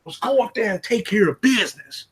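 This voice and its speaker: A man voicing an excitable male troll hype man who eagerly eggs his boss on. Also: a little fast. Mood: hyping. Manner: high, eager egging-on.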